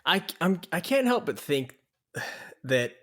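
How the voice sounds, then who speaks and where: A man's voice: fairly high pitch, big pitch swings, slow, a bit bright. A man co-hosting a podcast in casual chat, with dry, joking asides. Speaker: podcast co-host.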